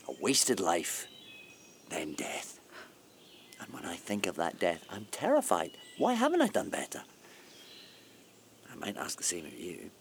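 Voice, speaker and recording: A bitter brooding village schoolteacher. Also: male voice, on the low side, a little hiss or hum. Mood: anguished. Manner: swings from loud outbursts to hushed whispers. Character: brooding bitter provincial schoolteacher, middle-aged man. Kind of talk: radio play acting.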